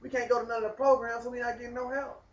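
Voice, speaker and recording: A man telling a rambling personal story in casual, animated talk. He speaks straight to the viewer and keeps asking whether they follow. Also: extremely high pitch, rapid-fire, highs cut off, a little hiss or hum. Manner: animated, talks straight to the viewer, keeps asking "you know what I mean". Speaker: vlogger telling his story.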